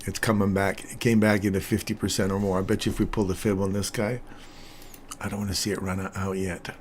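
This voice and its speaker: Chatty older man with a low voice. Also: fairly quick, a little hiss or hum. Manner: chatty, laughs often, animated when storytelling. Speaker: trading stream host. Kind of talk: casual live-stream commentary.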